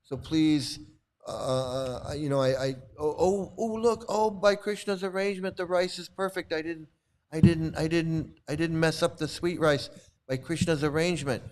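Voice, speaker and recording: A man's voice: fairly high pitch, normal speed, a little mellow, close to an everyday voice. A man voicing a mocked male devotee who is pious and smug, in a sing-song, fawning prayer tone.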